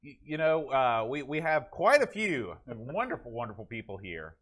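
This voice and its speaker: A man hosting a comedic show, deadpan and joking. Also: mid-range voice, normal speed. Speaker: show host.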